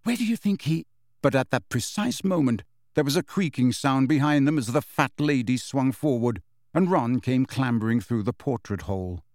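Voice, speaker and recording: A man narrating an audiobook in a measured storytelling manner. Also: medium pitch, a little mellow, no room sound, clean studio sound. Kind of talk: scripted narration.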